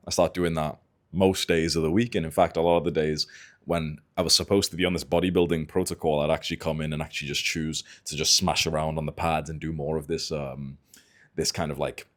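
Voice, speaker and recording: A man in his late twenties telling a personal story to camera in a casual, animated way, swearing freely. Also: very deep voice. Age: 20s. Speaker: self-improvement YouTuber.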